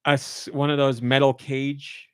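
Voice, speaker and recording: Male podcast host, casual storyteller, lively voice-acting of quotes, dry studio sound. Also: a little slow, clean tone, dry recording. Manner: animated storytelling, voices quoted lines in a high excited pitch. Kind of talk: casual chat.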